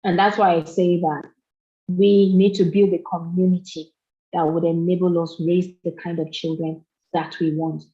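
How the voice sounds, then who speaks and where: A woman's voice: lowish voice, flat delivery, normal speed, mellow. A middle-aged woman speaking at a parenting summit, earnest and repeating phrases for emphasis. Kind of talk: motivational talk. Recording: dull lo-fi recording.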